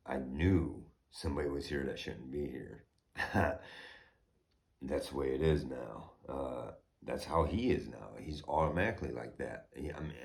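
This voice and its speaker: A middle-aged man from the United States, rambling and swearing in a personal vlog, moving between low, subdued talk and heated outbursts. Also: gravelly. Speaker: homeowner vlogger.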